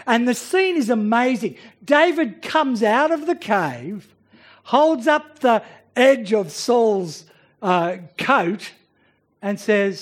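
Male preacher, high-pitched voice, earnest, stumbles over the start of phrases. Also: big pitch swings, slow pace. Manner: earnest, repeats words when starting phrases. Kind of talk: sermon.

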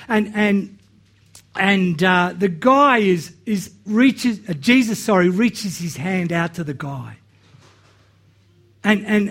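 A man preaching a sermon, earnest, often repeating words as he starts phrases and acting out the quotes he reads. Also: sits high. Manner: acts out Bible quotes with rising and dropping voice.

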